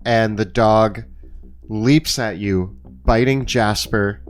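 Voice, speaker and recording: A man running a tabletop game as game master, with measured, descriptive narration. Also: on the low side.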